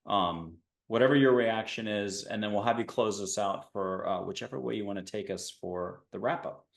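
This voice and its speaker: A man's voice: lowish voice, normal speed, creaky, reverberant. A man hosting an interview show in a casual, rambling way, cracking dad jokes. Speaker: podcast host. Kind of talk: casual video-call interview.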